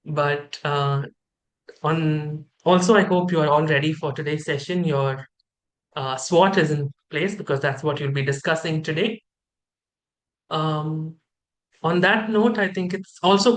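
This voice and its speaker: A host welcoming participants to an online training session and leading a group game over a video call. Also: mid-range voice. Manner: upbeat, energetic, leads a group game.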